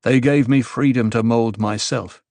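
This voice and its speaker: A man voicing a calm, cryptic male advisor in an audiobook, speaking in a measured, even, reasoning way. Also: medium pitch, no echo, natural voice. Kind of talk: audiobook character voice.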